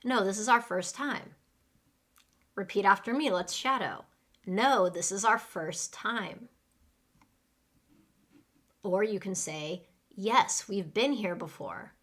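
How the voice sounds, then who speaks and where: A woman leads a live online English class, speaking patiently and clearly. She plays the part of a server and pauses so students can repeat her lines. Her voice is middle-pitched and a bit bright.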